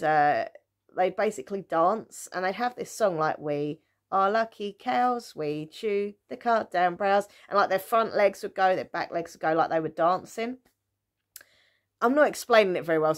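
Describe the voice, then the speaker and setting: Chatty woman with a lowish voice. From England. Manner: chatty, giggly, self-mocking, many fillers. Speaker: vlogger. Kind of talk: casual storytime chat.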